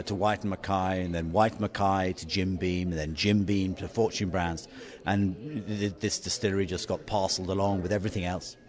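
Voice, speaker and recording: Halting English man telling a story. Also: sits low, darkish tone. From England. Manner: halting, repeats words often, chuckles at own story. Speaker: interviewee. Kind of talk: conversational storytelling interview.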